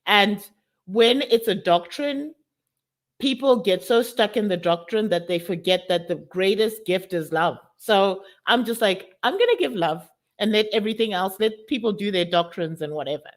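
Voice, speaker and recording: A woman from South Africa gives a candid, emotional personal testimony to an online summit audience. Her voice sits at a medium pitch for a woman. She speaks directly to her listeners, often calling them guys. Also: moderate pace. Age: adult with college-age daughter.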